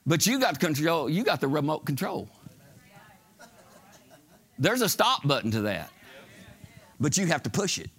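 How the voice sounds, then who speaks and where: Middle-aged male pastor, high bright tone, folksy sermon delivery that rises to shouting. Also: sing-song, a little slow, pauses often, husky. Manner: folksy storytelling, rising to shouted preaching. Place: church sanctuary.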